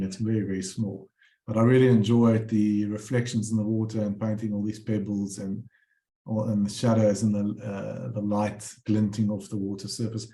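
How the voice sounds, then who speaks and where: A man's voice: lowish voice, dark tone, reverberant. A man presenting his bird paintings, telling rambling anecdotes with many fillers and restarts. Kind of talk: casual storytelling talk.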